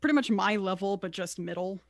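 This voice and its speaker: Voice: mid-range voice, a little fast, no room sound. A player in a casual tabletop game, talking hesitantly with many fillers and small laughs. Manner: hesitant, filler-heavy, giggly.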